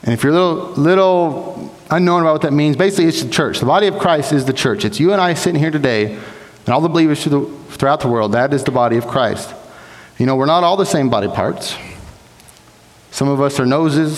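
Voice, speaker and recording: A man's voice: medium pitch, a little fast. A young man preaching a sermon in a church sanctuary, earnest and exhorting, sometimes restarting his words. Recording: long hall reverb.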